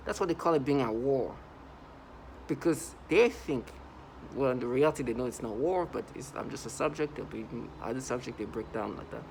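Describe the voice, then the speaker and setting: A man's voice: medium pitch, creaky, slight background noise, rough recording. A man delivering a casual vlog monologue, emphatic and repetitive, often restarting his sentences. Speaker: vlogger.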